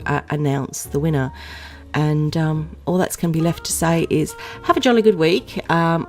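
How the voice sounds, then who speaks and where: A woman hosting her own vlog, chatting casually to camera in a rambling way, with lots of fillers and giggles. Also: low-pitched. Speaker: vlog host.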